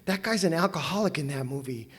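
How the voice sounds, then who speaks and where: Brief: older man, Southern California, high-pitched, lively self-mocking recovery-meeting storyteller who laughs a lot. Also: fast talker, husky. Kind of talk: personal storytelling talk. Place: meeting hall with audience.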